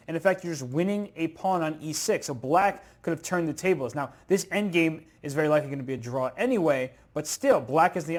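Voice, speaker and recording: A man commentating live chess, excitable and thinking aloud through move sequences. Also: on the high side.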